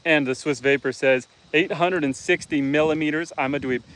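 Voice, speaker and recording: A middle-aged man from Canada livestreaming outdoors on his farm, casually chatting, reading viewer comments and gently teasing them. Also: fairly high pitch, fairly even intonation, normal speed, rough recording. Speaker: homestead livestreamer.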